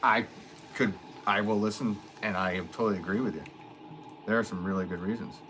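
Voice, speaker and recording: Low-voiced man chatting on a live stream. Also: steady tone, fairly quick, background noise. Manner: jokey, chatty, answers viewer comments with laughs. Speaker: potter hosting a live stream. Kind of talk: casual live-stream chat.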